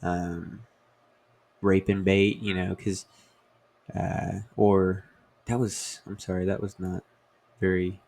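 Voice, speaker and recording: A man's voice: low voice, flat delivery, slow pace, creaky, long pauses, a little mellow. A young man as host, talking in a meandering casual monologue full of fillers and self-corrections. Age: young adult. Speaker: comedian host.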